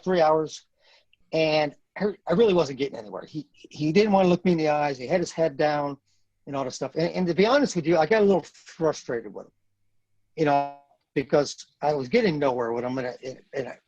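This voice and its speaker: A husky, slightly high-pitched man in his fifties tells a story in a podcast interview. He is blunt and earnest and hammers points home by repeating them. His voice sits close and dry, with no room echo. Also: darkish tone, lo-fi sound. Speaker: podcast guest, retired Marine sergeant major.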